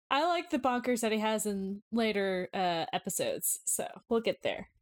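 Female co-host, chatty and casual, mid-pitched. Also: expressive. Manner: chatty, quick asides with "like". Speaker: podcast co-host. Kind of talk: casual chat.

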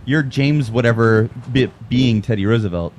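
A man's voice: mid-range voice, normal speed, a little mellow, slight background noise. A man co-hosting a casual podcast, joking and laughing often. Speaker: co-host. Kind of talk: casual chat.

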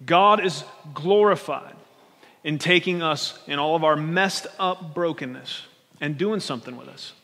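High-voiced pastor preaching in a hall. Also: male voice, unhurried. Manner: conversational, animated preaching with repeated restarts. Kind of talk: sermon. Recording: long hall reverb.

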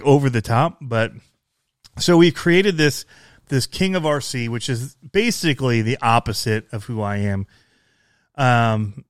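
Casual male hobby creator, slight Southern accent, self-deprecating rambler, mid pitch, dry close mic. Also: clean tone, no echo. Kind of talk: casual chat.

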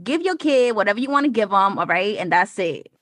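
A woman's voice: medium pitch, animated, brisk, fairly bright tone, no echo, clean studio sound. A woman co-hosting a podcast, talking bluntly and profanely with sassy asides in casual chat. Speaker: podcast co-host.

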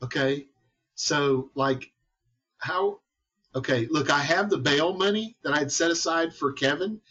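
A man's voice: on the high side, measured pace, pushed and bright. A man playing in a tabletop role-playing game, hesitantly asking the group questions. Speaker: player. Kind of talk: casual tabletop play. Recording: dull lo-fi microphone.

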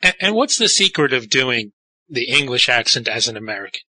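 Enthusiastic male host, crisp bright tone, close dry mic. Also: mid-range voice, sing-song, brisk, dry recording, poor audio. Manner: eager, fanlike, many fillers. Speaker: interviewer host. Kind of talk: casual interview chat.

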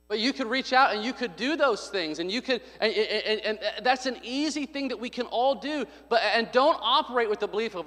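A man's voice: very high-pitched, expressive, moderate pace, hardly any pauses, bright, forceful tone. A man preaching a sermon as a pastor, earnest and given to emphatic repetition. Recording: long hall reverb.

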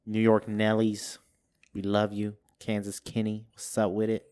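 A man's voice: fairly low pitch, completely flat delivery, a little slow, warm tone, clean tone. Playful joking man on a podcast. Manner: joking, playful, hypes listeners. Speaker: podcast co-host. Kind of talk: casual chat.

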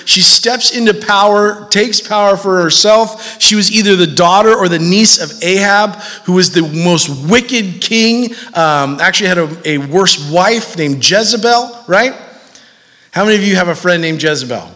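A man's voice: high-pitched, normal speed, pushed and bright, long reverb tail. A man preaching a sermon as pastor, talking conversationally and animatedly with frequent fillers and repeats.

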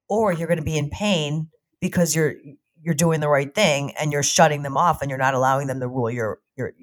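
A woman in recovery telling her own story in an emotional, halting way, often repeating words. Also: extremely low pitch. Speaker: guest in recovery from addiction.

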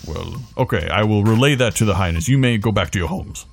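A man voicing a gruff, haughty male guard behind a door. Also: on the low side, fast.

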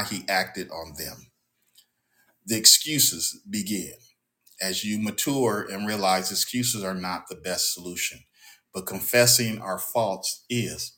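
A man's voice: deep voice, pushed and bright. A man teaching a Bible class in a preaching style, emphatic and repetitive, his voice jumping up on key words.

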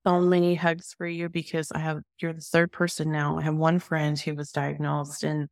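Woman guest, earnest, reflective, deep voice, dry sound. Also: monotone, moderate pace, no echo. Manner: earnest, reflective, self-deprecating. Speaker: podcast guest, author. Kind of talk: casual conversational chat.

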